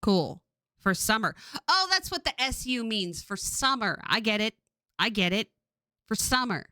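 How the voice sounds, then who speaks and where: A woman's voice: fairly high pitch, a little slow, clean tone, no echo. A woman in her forties from California, chatting casually and laughing often while streaming a game. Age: 40s. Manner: rambling, laughs often, animated.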